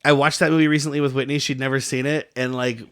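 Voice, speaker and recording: A man's voice: medium pitch, level tone, fast talker, fairly bright tone, clear, resonant tone. A man co-hosting a bad-movie podcast, recapping scenes in a rambling way with frequent swearing. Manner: rambling, laughs often, swears. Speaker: podcast co-host. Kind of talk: casual movie-review chat.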